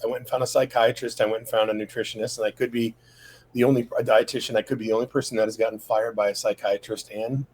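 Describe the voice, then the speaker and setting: A man's voice: mid-range voice, little pitch movement, fast, darkish tone, slightly rough, poor audio. A middle-aged man sharing a personal testimony from his home office, talking in a rambling, casual way with many fillers and quoted dialogue.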